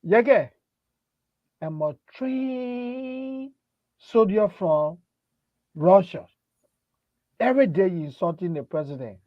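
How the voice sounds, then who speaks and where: Man acting phone bully, bossy then frantic, very high voice, dry muffled sound. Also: lively intonation, takes it slowly, long pauses, no room sound. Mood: threatening. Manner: loud, bossy street talk that turns to frantic exclaiming. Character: blustering man making threats by phone, then panicking. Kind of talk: comedy skit.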